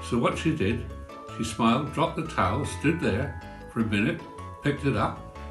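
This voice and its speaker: A man's voice: mid-range voice, lively intonation, moderate pace. A man, telling comic village stories in a chatty, folksy way. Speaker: storyteller. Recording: roomy with faint guitar.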